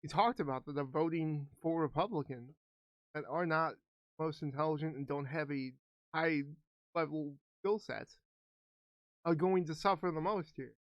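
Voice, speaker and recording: Male podcast co-host, a bit high-pitched, talkative explainer, dry close recording. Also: moderate pace, dry recording, lo-fi sound. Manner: talkative, explains at length with restarts and swearing. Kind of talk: casual chat.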